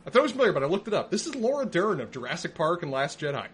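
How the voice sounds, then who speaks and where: A man co-hosting a podcast, giving wry, measured opinions while recapping a TV episode. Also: a little high, sing-song, a bit bright, husky. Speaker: podcast co-host. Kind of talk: casual chat recapping a TV episode.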